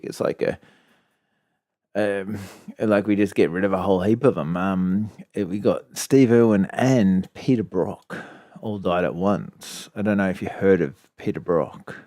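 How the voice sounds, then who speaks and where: A man's voice: low-pitched, a little mellow, dry recording, clean studio sound. An Australian man co-hosting a casual podcast, talking in a laid-back, rambling way. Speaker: podcast co-host. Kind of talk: casual chat.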